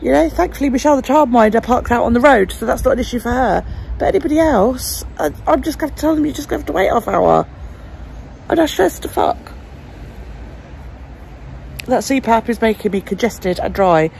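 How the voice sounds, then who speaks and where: Woman vlogger, gravelly and blunt, swears freely while venting, faint background noise. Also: on the high side, expressive, fairly quick, a little mellow. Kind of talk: casual vlog monologue.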